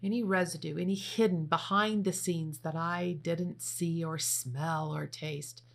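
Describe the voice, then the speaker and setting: A woman with a low, gravelly voice leads a guided meditation. She gives instructions slowly and gently, pausing between steps, with a rough, creaky edge on her words. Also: steady tone. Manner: slow, gentle spoken instructions. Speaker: meditation leader.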